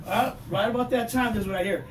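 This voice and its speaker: A man in his fifties doing a stand-up comedy set, telling profane, loud, animated stories. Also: high voice, brisk. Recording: echoey room, mic heard from a distance, noisy.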